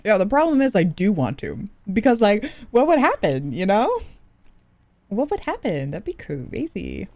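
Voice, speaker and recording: A woman's voice: medium pitch, huge pitch swings, normal speed, a little mellow, no echo. A woman streaming a video game, chatty and giggly, thinking aloud. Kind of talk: casual game commentary.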